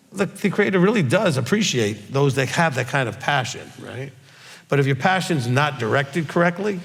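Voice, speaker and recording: A man's voice: mid-range voice, vocal fry, a bit bright. A man, teaching as a rabbi in a folksy sermon style, often checking in with "okay?". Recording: long hall reverb.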